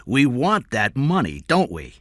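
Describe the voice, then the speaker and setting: A rough, bullying kidnapper barks his questions, put on by a male storyteller, the voice leaping sharply up and down. It sounds bright and edged, close and dry in a small dead space. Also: medium pitch, huge pitch swings, measured pace, no room sound, pitched above the performer's own voice. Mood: scheming. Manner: harsh, shouting and threatening.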